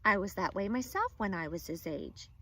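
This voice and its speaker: A woman voicing a tiny, relaxed old uncle who brushes off worry, reading a children's story aloud. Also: medium pitch, normal speed, breathy edge, heavily acted. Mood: easygoing.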